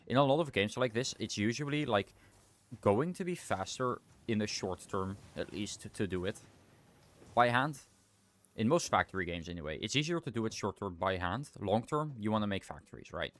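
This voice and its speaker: Man, young adult, very deep voice, casual gameplay commentary, rambling, self-correcting. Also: animated, normal speed. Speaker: livestreamer.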